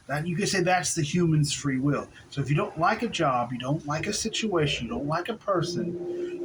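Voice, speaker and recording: A man giving a relaxed spiritual talk on video, laughing softly now and then and restarting his sentences. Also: on the high side, a little hiss or hum, low-quality recording. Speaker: spiritual teacher.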